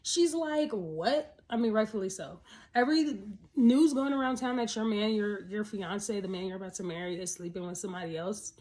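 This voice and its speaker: A woman's voice: medium pitch, a little fast. Chatty woman recapping a TV episode. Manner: animated, chatty, laughs often, rhetorical questions. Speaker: TV episode reviewer. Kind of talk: casual spoken episode recap.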